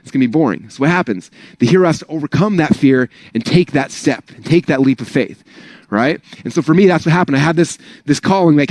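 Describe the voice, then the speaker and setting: A man's voice: on the high side, fast, darkish tone, no room sound. A man giving a casual, rambling motivational talk to an audience of learners, full of "like" and "right?". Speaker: speaker at an online business training.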